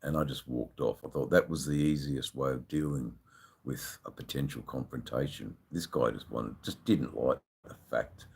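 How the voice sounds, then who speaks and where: Very deep, husky Australian man. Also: steady tone, normal speed. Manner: rambling, swears freely, many "you know"s. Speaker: live-stream host. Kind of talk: casual live-stream chat with viewers.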